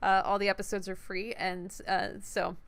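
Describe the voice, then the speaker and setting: A woman's voice: medium pitch, normal speed, smooth, dry recording. A woman streaming a video game, reading its text aloud and chatting playfully with her viewers. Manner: animated and playful.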